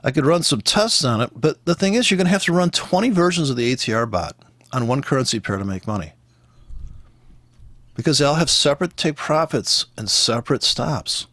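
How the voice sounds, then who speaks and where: A man's voice: mid-range voice, animated, brisk, a bit bright, dry recording. A man giving blunt, profane, exasperated trading commentary while walking through charts. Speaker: forex trader teaching.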